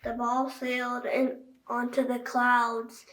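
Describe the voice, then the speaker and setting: A woman's voice: fairly high pitch, monotone, slow, a bit bright. A woman reading a children's book aloud, chatting directly to young listeners. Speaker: children's story reader. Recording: echoey room, voice far from mic.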